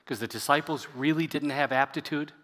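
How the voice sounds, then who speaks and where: A man's voice: on the high side, steady tone, brisk, fairly bright tone. A man preaching to a seated congregation as their pastor, talking in a conversational way and leading them in prayer. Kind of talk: sermon. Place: church sanctuary. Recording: echoey church hall.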